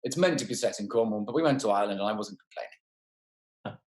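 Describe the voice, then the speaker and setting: A man's voice: lowish voice, lively intonation, fast, a little mellow. Rambling self-deprecating man, roomy sound. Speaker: actor guest. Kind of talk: casual interview over a call.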